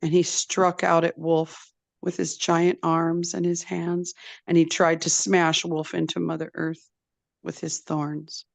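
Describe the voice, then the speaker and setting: A woman storyteller telling a traditional tale in a slow, deliberate, repetitive way. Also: fairly low pitch, flat delivery, creaky, no room sound. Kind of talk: oral storytelling.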